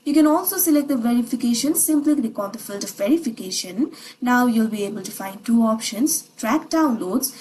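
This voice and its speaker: A woman's voice: on the high side, a little mellow, poor audio. A woman narrating a scripted screen tutorial, giving step-by-step instructions in repetitive phrasing.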